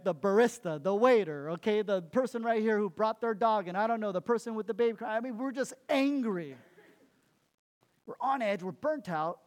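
A man preaching a sermon as pastor, emphatic, repeating words and laughing at himself. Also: high-pitched.

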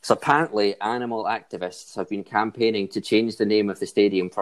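A man's voice: fairly low pitch, fairly even intonation, fast talker, few pauses. A man hosting a casual football chat, cracking pun-filled jokes and laughing at them. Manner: jokey, laughs at his own puns. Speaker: podcast host. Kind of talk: casual chat with joke segments.

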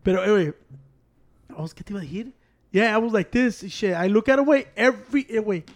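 Dude, talks real fast, animated, cussing and switching languages. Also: sits high. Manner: animated, mixes Spanish into English, heavy swearing. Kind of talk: casual storytelling chat. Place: Chicago.

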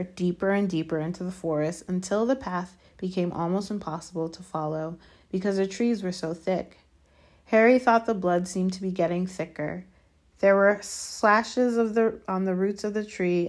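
A woman reading a children's fantasy chapter aloud as narrator, steady and measured. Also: lowish voice. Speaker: audiobook reader. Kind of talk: storybook narration.

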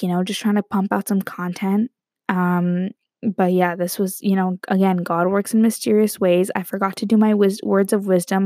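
A young woman talks through her solo podcast in a loose, rambling way, filling gaps with "like" and "um". Her voice carries a gravelly fry. The sound is dry and close, with no room around it. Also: medium pitch, dark tone, dry recording. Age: young adult. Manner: chatty and rambling, many likes and ums. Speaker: podcast host. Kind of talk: solo casual podcast chat.

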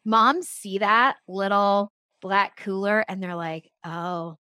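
Brief: middle-aged woman, chatty storyteller, mid pitch, very dry close recording. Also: slow, bright, forceful tone, clean tone, no echo. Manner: chatty storytelling with laughs and restarts. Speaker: guest, product founder. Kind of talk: casual interview chat.

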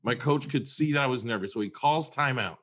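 A man's voice: mid-range voice, a little fast, fairly bright tone. An earnest man in a mid-range voice, talking as a therapist on a podcast. He tells his story conversationally and leans on repeated words for emphasis.

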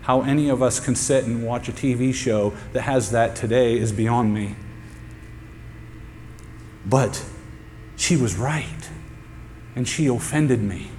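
A man's voice: mid-range voice, slow pace, long pauses, a little mellow. A male pastor preaching a sermon to his congregation, emphatic and repeating key phrases for effect. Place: church sanctuary with a congregation. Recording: long hall reverb with faint hum.

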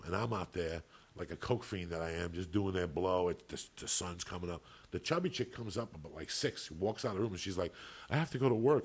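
Gravelly low-voiced man telling a profane story. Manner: profane, rambling, animated storytelling. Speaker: podcast co-host. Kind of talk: casual storytelling.

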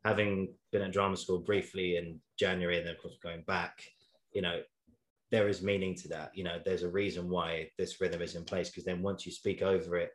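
A man hosts a casual interview podcast, asking questions in a relaxed, enthusiastic way. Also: low-pitched, a little fast. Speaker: podcast host. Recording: roomy echo.

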